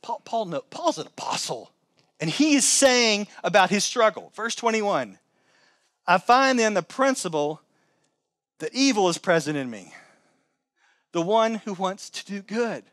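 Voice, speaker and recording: A man delivers a church sermon in a notably high, light voice, close and dry with little room sound. He is animated, jumping from loud, raised exclamations to hushed, low asides as he preaches. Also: measured pace, pauses often, no room sound. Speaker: pastor. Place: church sanctuary.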